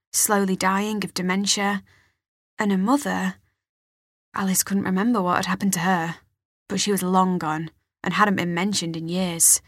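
A woman narrating an audiobook in measured, expressive storytelling. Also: medium pitch, no room sound, clean studio sound. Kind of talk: scripted narration.

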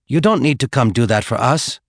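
A man's voice: medium pitch, expressive, a little fast, no echo, studio quality, natural voice. A man voicing a nervous young student who speaks in an anxious, pleading way, in an audiobook.

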